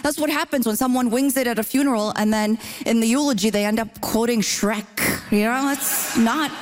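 A woman's voice: a little high, moderate pace. A woman comedian from Ontario, chatty and teasing, with a habit of saying "you know". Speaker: comedian, debate contestant. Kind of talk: comedy debate banter.

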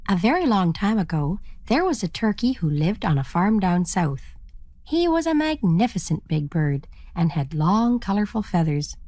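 A woman storyteller narrating a children's story in an animated, expressive manner. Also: mid-range voice, moderate pace, no echo.

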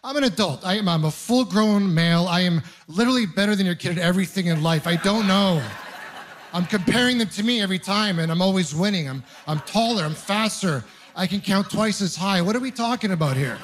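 A young man doing stand-up comedy with an exasperated, incredulous delivery and quick asides, on a club stage with a handheld mic. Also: sits high, animated.

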